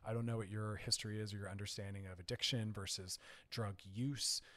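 A man's voice: fairly low pitch, steady tone, fairly quick, fairly bright tone. A man hosting a radio advice show, speaking directly and earnestly as he coaches listeners in a conversational way. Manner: conversational with frequent "like" and "I don't know". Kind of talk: frank advice talk on air.

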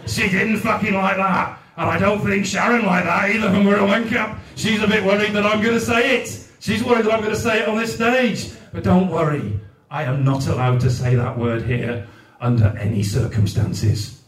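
A man from Newport in South Wales in his thirties, doing a brash, sweary stand-up routine with quick asides to the crowd. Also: high-pitched, fairly even intonation, a bit bright. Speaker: stand-up comedian. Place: live comedy venue, large room. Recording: echoey room heard from a distance.

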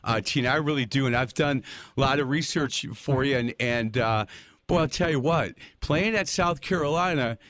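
An older man hosting a casual interview, telling stories in a folksy, animated way. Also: medium pitch, moderate pace. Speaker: interview host.

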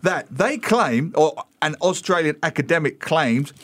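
A man from England, a guest on a radio chat, telling stories in a lively, quick way. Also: on the high side, no echo. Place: radio studio. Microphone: studio microphone.

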